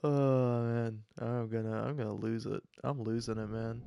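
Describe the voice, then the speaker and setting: A man's voice: mid-range voice, fairly even intonation, moderate pace, gravelly, warm tone, clean tone. A man giving sarcastic, profane, rambling commentary over a video game as he plays. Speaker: gaming video creator. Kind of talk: gameplay commentary.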